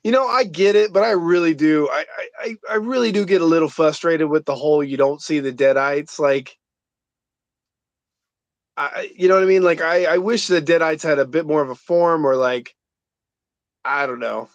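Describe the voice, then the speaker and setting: Chatty higher-voiced man rambling. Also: moderate pace, dry recording. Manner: rambling, lots of likes and uhs. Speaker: podcast co-host. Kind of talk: casual movie commentary chat.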